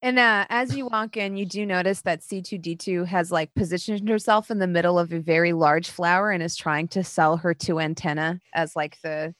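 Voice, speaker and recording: A woman's voice: lowish voice, fairly even intonation, moderate pace, few pauses, fairly bright tone, dry recording, clean studio sound. A woman running a tabletop game as game master, narrating casually with many fillers.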